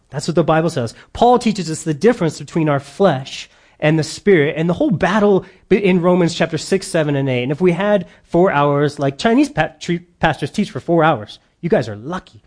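A man's voice: a little high, expressive, moderate pace, darkish tone. A man preaching a sermon to his congregation, earnest and emphatic, with the odd joking aside. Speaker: pastor.

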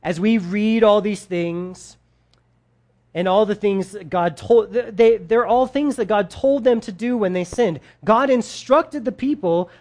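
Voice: medium pitch, a little slow, a little mellow. Casual conversational Bible teacher. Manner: conversational, slangy, paraphrasing scripture in everyday speech. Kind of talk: casual sermon.

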